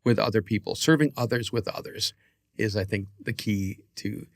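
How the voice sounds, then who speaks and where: A man co-hosting a podcast, giving earnest, reflective advice with halting restarts. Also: on the low side, vocal fry, no room sound, studio quality. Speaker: podcast co-host.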